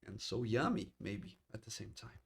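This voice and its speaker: A man running a tabletop game as game master, narrating in a halting way with frequent restarts. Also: lowish voice, lively intonation, gravelly, slightly rough.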